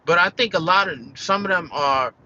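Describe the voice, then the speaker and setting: A man's voice: high voice, normal speed, bright, forceful tone, dull audio, slight background noise. An American man venting casually in a candid, profane, rambling monologue, full of restarts. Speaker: vlogger.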